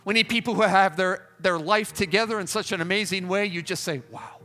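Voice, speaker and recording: A man's voice: high voice, fairly quick, pushed and bright, in a large hall, soft background music. A man preaching a revival sermon at a camp meeting, fervent and pleading, repeating his appeals. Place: large tabernacle.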